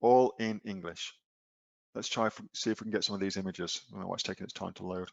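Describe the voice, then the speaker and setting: A man's voice: sits low, fairly even intonation, quick pace, gravelly, no room sound, dull audio. A man with an Australian accent coaching viewers in a live screen-share webinar, casual and blunt, often throwing rhetorical questions at his audience. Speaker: online selling coach.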